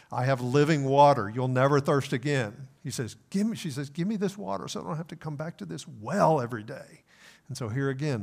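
A male pastor preaching an earnest sermon, slowing for emphasis and sometimes repeating words as he goes. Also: medium pitch.

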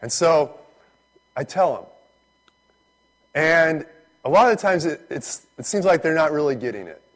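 A man's voice: a little high, measured pace. Man preaching a conversational sermon. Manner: conversational, animated when retelling stories. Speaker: pastor.

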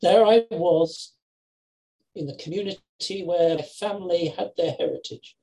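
An older man preaching an earnest sermon over a video call, with measured phrasing and emphatic repetitions. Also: high-pitched, dark tone, poor audio. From England, Lincoln. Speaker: lay preacher.

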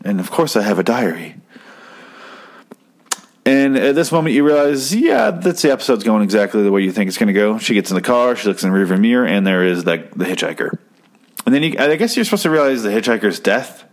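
A young man from Arizona chatting casually, rambling and profane, with deadpan jokes. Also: fairly low pitch, fairly quick. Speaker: podcast host reviewing an episode. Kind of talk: casual chat.

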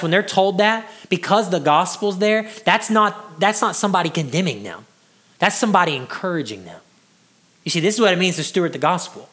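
High-pitched bright preaching man. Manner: conversational preaching with many restarts and acted-out quotes. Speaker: pastor. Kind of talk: sermon.

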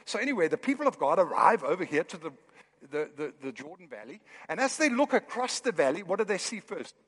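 A man preaching a sermon in a church, with animated, building emphasis. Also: high-pitched, brisk, slightly rough, in a large hall. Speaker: pastor. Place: church hall.

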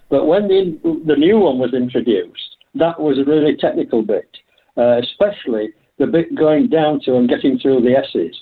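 A man's voice: medium pitch, moderate pace, slightly rough. An older man speaking as a guest in an interview, telling anecdotes in a chatty way with frequent laughs. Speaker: guest, veteran hill climb driver. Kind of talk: conversational interview. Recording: tinny phone line.

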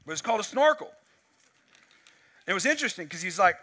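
High bright-voiced guy preaching, super animated storyteller, acts out all the dialogue. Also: fairly quick, vocal fry, pauses often. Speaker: pastor. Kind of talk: sermon. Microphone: wireless mic.

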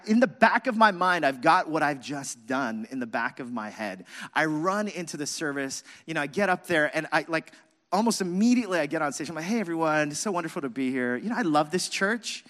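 A male pastor preaching, bright and forceful, with his voice a little high for a man. He tells a self-mocking story in an animated way, and the long reverb of a large hall follows his words. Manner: animated, self-mocking, acts out his own past shouting. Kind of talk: sermon with personal storytelling.

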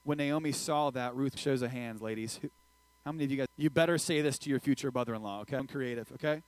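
A man preaching a sermon in a lively, joking way, swinging between loud and quiet. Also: mid-range voice, quick pace, no echo, low-quality recording. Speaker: pastor.

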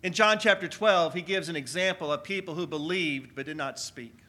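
A pastor delivers a sermon in a high, bright voice. He is energetic and calls on his congregation to shout their answers back. He preaches to his church. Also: moderate pace. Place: church sanctuary.

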